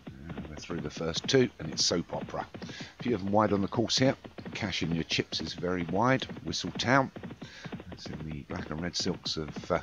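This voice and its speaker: A man giving chatty amateur race commentary on a video game race, with self-deprecating asides between the calls. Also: sits low. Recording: dull lo-fi with clear background noise.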